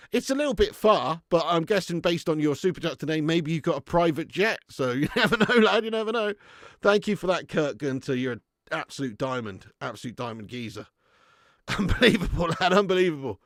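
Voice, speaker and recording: Chatty lively man hosting a fan stream. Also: fairly high pitch, no room sound, studio quality. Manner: chatty, laughs often, puts on mock regional accents. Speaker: fan channel livestream host. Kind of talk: casual livestream chat reading comments.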